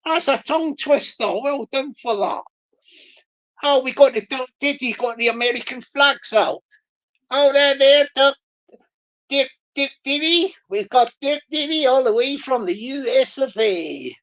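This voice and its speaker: Jokey lady streamer chatting to viewers, high voice, dull lo-fi sound. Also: lively intonation, measured pace, a bit bright. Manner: jokey, repetitive, greets viewers by name, laughs often. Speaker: livestream host. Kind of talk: playful livestream chat.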